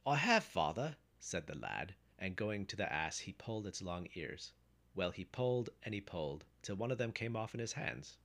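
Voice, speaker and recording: A man with a very deep voice reads an old folk tale aloud. His delivery is measured and steady, the manner of a practiced storyteller. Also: vocal fry. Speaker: narrator.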